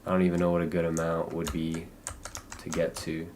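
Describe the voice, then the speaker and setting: A young American man streaming a game, talking in a loose, halting, rambling way full of fillers and restarts. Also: low-pitched, monotone, noisy background. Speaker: livestreamer. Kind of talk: casual rambling gameplay chat.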